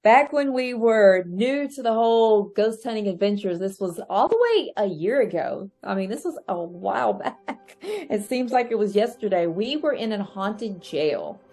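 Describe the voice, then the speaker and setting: A woman guesting on a podcast, telling a ghost-hunting story in a lively, chatty way and acting out her own reactions. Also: moderate pace. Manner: lively, acts out her own reactions with sharp rises in pitch. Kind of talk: animated storytelling in a casual chat.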